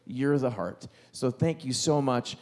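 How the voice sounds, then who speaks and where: Here a man on stage at a live concert venue hosts a concert and art auction in a rambling, enthusiastic way, breaking off and restarting often as he chats. He speaks unhurriedly, with a medium pitch and a darkish tone.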